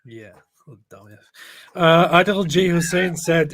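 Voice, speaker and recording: A man's voice: on the high side, fairly even intonation, a little slow, fairly bright tone, slight background noise. A man co-hosting a casual livestream, joking and reading viewer comments aloud. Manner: joking, reads comments aloud, laughs often.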